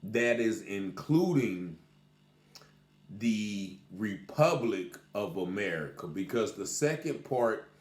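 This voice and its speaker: A man giving a casual spoken commentary to camera, deliberate and emphatic, pausing to stress key words. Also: on the low side, lively intonation. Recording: echoey room.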